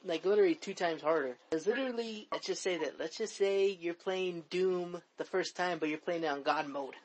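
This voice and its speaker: A man's voice: high-pitched, moderate pace, a little hiss or hum, poor audio. A young man, rambling and repeating himself as he swears his way through a story on a casual podcast chat. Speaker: podcast co-host.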